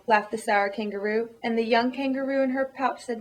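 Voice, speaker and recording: A woman's voice: a little high, level tone, fairly quick, few pauses, rough recording. A woman reading a children's rhyming storybook aloud with a rhythmic, lilting delivery.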